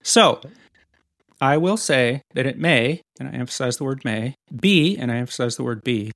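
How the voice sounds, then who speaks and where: A man co-hosting a casual podcast, chatting in a loose, playful way that wanders off on tangents and teases his co-host. His voice sits at an ordinary middle pitch. The sound is dry and close, with no room around it. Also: normal speed, gravelly, fairly bright tone, no echo. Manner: playful, rambling, teasing. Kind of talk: casual chat.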